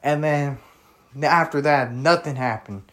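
A man's voice: a little high, unhurried, a bit bright. Rambling young man on a podcast. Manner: rambling, repetitive, with many fillers and restarts; opinionated, with frequent mild cursing. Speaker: podcast host. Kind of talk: casual solo podcast talk.

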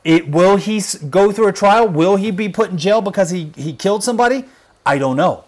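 A man hosts a livestream in a fairly high-pitched voice, speaking with fervent conviction. He presses his points hard and then lowers his voice to a hushed intensity when the subject turns grave. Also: animated, fairly quick. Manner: emphatic, drops to hushed intensity on serious points. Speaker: livestream host. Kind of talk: impassioned livestream commentary.

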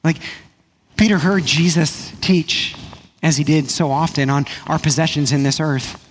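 A man, a pastor, preaching a sermon in a conversational way, repeating phrases and dropping to a hush for emphasis. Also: on the high side, a little hiss or hum. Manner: conversational preaching with frequent repetition and "right?" asides; drops to a hushed, slow voice for emphasis.

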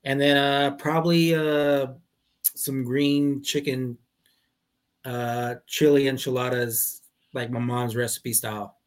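A man co-hosting a podcast in relaxed casual chat, swearing and laughing often. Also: mid-range voice, takes it slowly. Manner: laid-back, swears freely, laughs. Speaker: podcast co-host.

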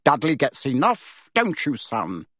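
A man's voice: medium pitch, huge pitch swings, measured pace, fairly bright tone, no echo, exaggerated voice. A man voicing a bellowing, short-tempered, large middle-aged uncle in an audiobook. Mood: hearty. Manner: roaring, blustering.

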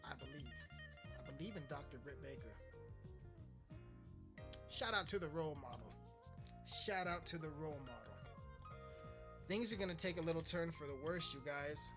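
A man's voice: on the high side, expressive, moderate pace, pauses often. A man hosting a podcast, ranting casually in a crude, rambling, mocking way. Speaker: podcast host. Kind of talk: casual profane rant. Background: loud music.

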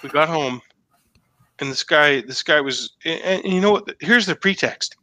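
Animated man, slightly high voice, bright and edgy, swears a lot. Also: moderate pace, no room sound. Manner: excited, profane, repeats himself. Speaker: guest telling a story. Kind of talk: casual podcast chat.

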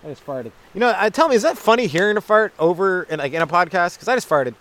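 A man's voice: high-pitched, sing-song, quick pace, a bit bright. A young man hosting a rambling solo comedy podcast, crude and self-deprecating, acting out little voices in his asides. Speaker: stand-up comedian, podcast host. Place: outdoors at a maple syrup camp.

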